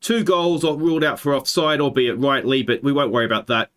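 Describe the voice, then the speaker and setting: An Australian man hosts a football management let's play, calling his match like a commentator and breaking into excited shouts at big moments. His voice is mid-range and his pace a little fast.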